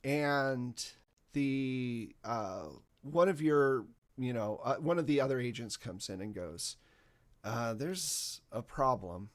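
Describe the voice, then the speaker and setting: A man at a middle pitch narrates a tabletop game as its game master. He tells the story in a loose, relaxed way and uses plenty of fillers. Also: slow pace.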